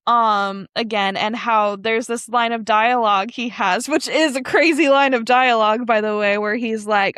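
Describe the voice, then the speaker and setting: A woman's voice: mid-range voice, a bit bright, clear, resonant tone, no echo, studio quality. A woman co-hosting a podcast, chatting casually and animatedly about an anime episode, rambling with fillers and laughter. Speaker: podcast co-host. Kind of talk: casual anime recap chat.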